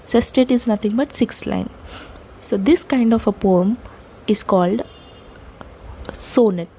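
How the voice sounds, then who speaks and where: A woman giving a lecture, explaining poetic terms step by step, with fillers and pauses. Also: mid-range voice, warm tone, a little hiss or hum, low-quality recording.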